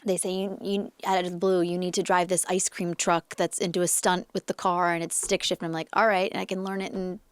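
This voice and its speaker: Woman, actress guest, low-ish pitch, chatty and animated, dry recording. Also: brisk, few pauses, clean tone, no room sound. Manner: chatty, animated storytelling with filler words. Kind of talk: casual interview chat.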